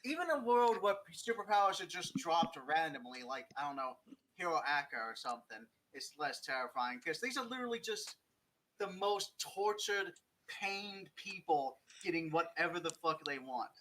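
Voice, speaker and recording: A man's voice: fairly high pitch, very animated, moderate pace, pushed and bright, slight background noise, poor audio. A young man chatting as a guest on a writing stream, rambling, joking and swearing freely. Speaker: guest writer. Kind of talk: casual chat.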